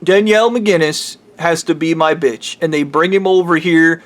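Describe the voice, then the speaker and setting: A man's voice: on the high side, normal speed. A man ranting heatedly in a rambling, profane vlog monologue. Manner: heated, rambling, swears freely. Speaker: vlogger.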